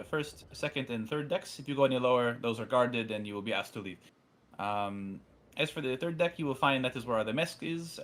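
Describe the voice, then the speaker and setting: A man voicing a courteous young male naval officer who speaks formally and haltingly, with a put-on accent. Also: high voice, fairly bright tone, voice pushed up.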